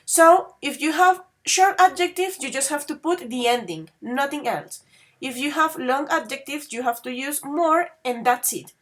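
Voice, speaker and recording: A woman teaching an English grammar class, patiently quizzing students and spelling out word endings slowly. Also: high-pitched.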